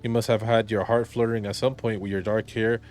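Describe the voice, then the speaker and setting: A man's voice: fairly low pitch, flat delivery, fairly quick, a little mellow, faint music behind, lightly acted. A man reading out the lines of a flirtatious, tipsy woman teasing a priest in a game. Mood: flirty teasing. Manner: reads game subtitles aloud, teasing.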